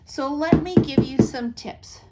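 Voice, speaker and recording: A woman's voice: sits high, unhurried, heavy background noise. Chatty woman demonstrating a card craft. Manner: chatty and reassuring, giving practical tips. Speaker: craft tutorial host.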